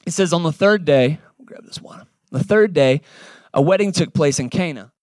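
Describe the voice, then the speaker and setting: A man preaching a casual sermon, acting out the Bible characters in quick shifting voices. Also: fairly high pitch, a little mellow, no echo, clean studio sound. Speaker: pastor. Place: church service in a cinema.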